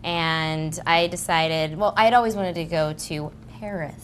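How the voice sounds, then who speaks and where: Chatty, giggling woman with a lowish voice. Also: fairly even intonation, measured pace, slight background noise. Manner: chatty, self-mocking, with giggles. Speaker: celebrity guest. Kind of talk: comic anecdote on a game show.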